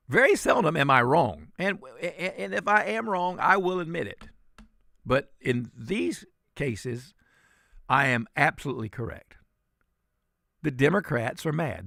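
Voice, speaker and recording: A man's voice: mid-range voice, vocal fry, fairly bright tone, no room sound, studio quality. A man, filling in as a talk radio host and delivering fiery, indignant commentary.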